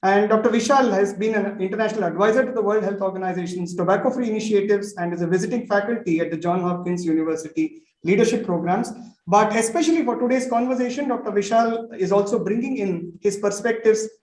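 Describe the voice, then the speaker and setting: A man moderates a panel in a formal way, pausing on frequent fillers. His voice sits high. The recording has a roomy echo. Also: darkish tone. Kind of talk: formal introductions.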